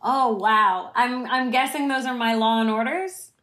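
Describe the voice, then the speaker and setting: A woman's voice: on the high side, measured pace, sharp tone. Chatty, laughing woman guest. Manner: chatty, self-deprecating, laughs often. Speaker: actress guest. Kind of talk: conversational interview.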